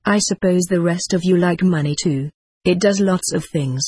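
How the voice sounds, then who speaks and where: A brusque, evasive ghost of a stock seller who does not know he has died, read by a woman. The voice sits a little low and husky, with a dry, close sound. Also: moderate pace, darkish tone, no room sound. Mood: guarded. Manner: guarded, brusque. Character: evasive male spirit of a dead stock seller.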